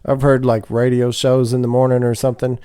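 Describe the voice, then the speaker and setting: A man's voice: medium pitch, flat delivery, brisk, background noise. A man co-hosting a podcast, joking around with loose, profane banter. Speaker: podcast co-host. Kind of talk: casual podcast chat.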